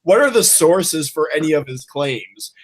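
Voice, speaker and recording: Hesitant male panelist, many fillers, slightly high voice. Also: expressive, unhurried. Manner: hesitant, filler-heavy analysis. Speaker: panel guest. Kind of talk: panel discussion.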